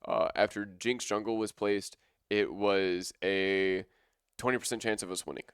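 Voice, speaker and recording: A man's voice: on the low side, steady tone, measured pace, fairly bright tone, clean tone, no echo, clean studio sound. A young man casting a college esports match live, chatting casually and rambling with enthusiasm. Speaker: esports caster.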